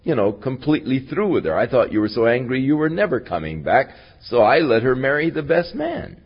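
A man's voice: mid-range voice, sing-song, a little fast, breathy edge. A man voicing an older father-in-law who makes apologetic, wheedling excuses, in a dull lo-fi recording.

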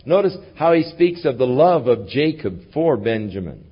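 A man's voice: medium pitch, moderate pace, breathy edge. Man teaching scripture on a dull recording. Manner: reads scripture then paraphrases it in casual, animated asides. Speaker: pastor. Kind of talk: verse-by-verse Bible teaching.

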